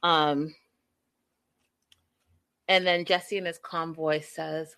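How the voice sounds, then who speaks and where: A woman's voice: deep voice, drawn-out words, pauses often, clear, resonant tone. Gossipy woman recapping reality TV. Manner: gossipy, animated, acts out quotes. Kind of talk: casual recap commentary.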